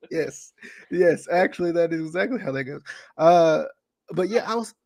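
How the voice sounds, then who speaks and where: A man talking casually on a podcast in a slightly raised voice. He rambles, corrects himself partway through sentences, and gets excitable. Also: a little high, normal speed, vocal fry. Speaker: podcast host. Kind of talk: casual chat.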